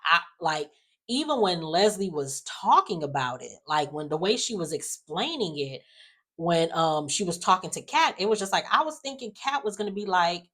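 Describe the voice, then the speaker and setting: A woman's voice: lowish voice, normal speed. Sassy woman recapping with lots of sighs. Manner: animated, sassy, acts out characters in quotes, frequent sighs. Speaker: soap opera recap vlogger. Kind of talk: casual recap chat.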